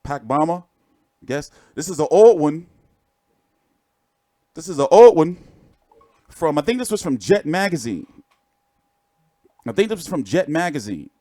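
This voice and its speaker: Dude hosting a boxing stream, kinda high voice, cussing and goofing around, dry close mic. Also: male voice, sing-song, a little slow, long pauses, mellow, no echo. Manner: joking, profane, rambling show-and-tell. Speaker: boxing channel host. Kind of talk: casual livestream chat.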